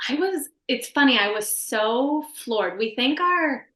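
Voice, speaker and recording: A woman's voice: high-pitched, animated, slow, pushed and bright. Earnest woman guest rambling through a personal story, roomy echo. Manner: earnest, heartfelt, rambling with many restarts. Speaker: podcast guest.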